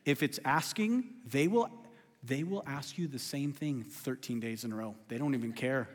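A male pastor preaching a sermon in a church, animated and joking, poking fun at himself. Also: mid-range voice, moderate pace. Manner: animated, joking, self-deprecating. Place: church sanctuary. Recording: long hall reverb.

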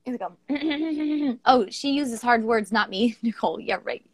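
High-voiced swearing woman co-host. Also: measured pace, breathy edge, no echo. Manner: profane, laughs often. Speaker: co-host of a poetry stream. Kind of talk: casual chat and poetry reading.

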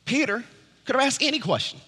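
Male pastor, high and sharp-edged tone, dynamic sermon delivery in a reverberant hall. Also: very animated, fast, breathy edge. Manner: preaching with wide swings from loud high urging to low hush.

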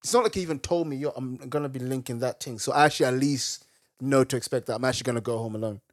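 A young man co-hosting a casual podcast chat, easygoing and quick to laugh and agree. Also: medium pitch, no echo, studio quality. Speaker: podcast co-host.

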